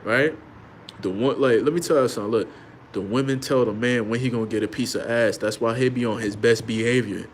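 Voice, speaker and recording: A man riffs through a comedic rant in a mid-pitched voice, talking slangy and animated as if chatting with a friend. A faint hiss runs under the recording. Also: a little fast. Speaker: host.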